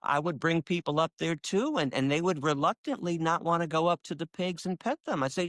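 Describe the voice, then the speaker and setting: A man's voice: a little fast, hardly any pauses, no room sound. Emphatic, impassioned man, dry sound. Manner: emphatic, acts out quoted dialogue with sharp jumps in pitch. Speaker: animal rights activist, interview guest. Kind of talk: impassioned conversational storytelling. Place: lives in Michigan.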